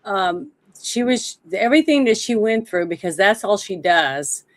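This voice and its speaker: A woman hosting a livestream, giving casual political commentary in a halting way with many fillers, her throat dry and scratchy. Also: mid-range voice, animated, faint music behind. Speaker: livestream host.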